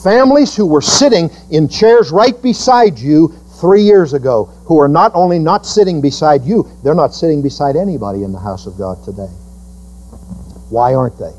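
A man's voice: expressive, moderate pace, a little mellow, lo-fi sound, a little hiss or hum. A male pastor preaching a sermon, quoting his listeners in mock voices and building to emphatic rebukes. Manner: preaching with sweeping pitch swings, quoting congregants in put-on voices.

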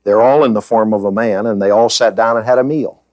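A man's voice: on the low side, steady tone, brisk, a little mellow, no echo. A man preaching in conversational Bible-teaching style, who asks the listeners questions and fills gaps with "uh".

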